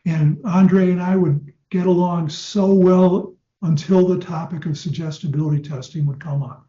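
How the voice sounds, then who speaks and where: An older man gives a relaxed, anecdotal lecture on hypnosis to his trainees, his voice soft and mellow with a slightly raised pitch. The recording is dull and lo-fi, echoing around a roomy hall. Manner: conversational, anecdotal, slows for demonstration suggestions. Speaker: clinical hypnosis teacher.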